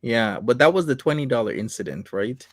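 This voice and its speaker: A man's voice: mid-range voice, animated, fairly quick, no room sound, studio quality. A man hosting a live online commentary show, asking his guests loose, easygoing questions in casual chat.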